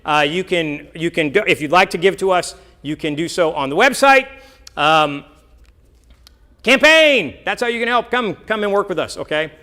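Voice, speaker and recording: Middle-aged man, missionary reporting to a congregation, earnest and rambling, bright, slightly high voice. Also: animated, moderate pace. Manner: earnest, rambling, with self-deprecating asides. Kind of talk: church mission report with slides.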